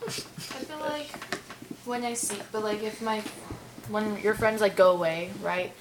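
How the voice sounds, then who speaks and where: A woman's voice: mid-range voice, a little slow, noisy background. A young woman rambling in a casual group discussion, full of "like" fillers. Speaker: discussion participant.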